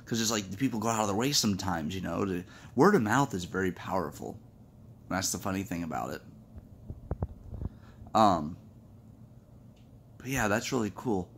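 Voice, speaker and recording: A man casually telling jokes to the camera, chatty and rambling, acting out his friends' lines in high voices. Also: expressive, moderate pace, long pauses, a little hiss or hum. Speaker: comedy vlogger. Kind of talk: casual stand-up joke telling.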